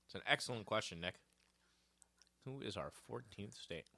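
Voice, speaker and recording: A man co-hosting a trivia podcast in casual chat, joking and thinking out loud as he works through answers. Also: on the low side, expressive, normal speed, gravelly, slight background noise. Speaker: podcast co-host.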